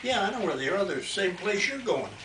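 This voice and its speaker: An older man voicing a big hungry male bear in a bedtime story, spoken slowly and matter-of-factly. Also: sits high, sing-song, bright, forceful tone, full character voice. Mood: menacing. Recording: echoey room, distant mic, faint noise.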